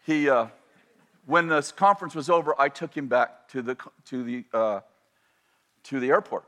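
A man telling a personal story in a sermon, animated and self-interrupting, often repeating and restarting his phrases. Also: medium pitch, normal speed.

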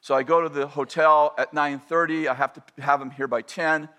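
A man tells a personal story from the pulpit in a slightly raised voice, breaking off mid-phrase and circling back with quick restarts. His delivery is animated and conversational rather than polished, like a speaker caught up in his own tale. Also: on the high side. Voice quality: animated, self-interrupting, repeats and restarts phrases. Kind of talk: storytelling sermon anecdote.

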